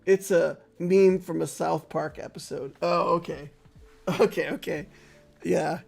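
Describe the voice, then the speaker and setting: A man's voice: fairly high pitch, steady tone, a little slow, gravelly, darkish tone, faint music behind. A man giving casual live-stream commentary on a game, chatting playfully with viewers and laughing easily. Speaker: gaming streamer.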